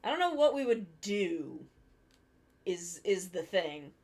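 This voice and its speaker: A woman's voice: on the low side, big pitch swings, slow, darkish tone, husky. A tired woman chatting casually to her live-stream audience as she draws, rambling and yawning. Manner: drowsy, rambling, talks to chat. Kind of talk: casual live-stream chat while drawing.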